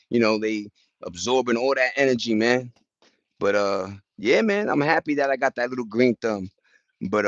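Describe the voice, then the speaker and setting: A man's voice: medium pitch, fairly bright tone, no echo, lo-fi sound. A man vlogging in a casual, slangy, rambling way, chatting loosely to his viewers from home. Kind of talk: casual chat to camera. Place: at home with plants and a cat.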